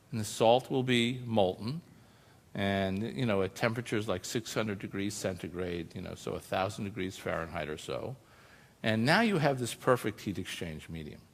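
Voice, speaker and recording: A lower-voiced man presenting to an audience in an informal, chatty way, checking in with the listeners as he explains. His voice rings out with a long reverb from the hall around him. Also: a bit bright. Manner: explains informally, often adds "you know" and "right?". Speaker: scientist giving a public talk. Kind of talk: conversational presentation.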